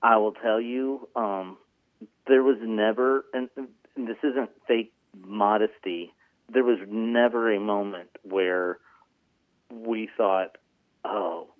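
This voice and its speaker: A man's voice: fairly low pitch, fairly even intonation, slow, no room sound. Man on a tinny phone line. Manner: earnest, rambling with many ums. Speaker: executive producer guest. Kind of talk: casual interview talk.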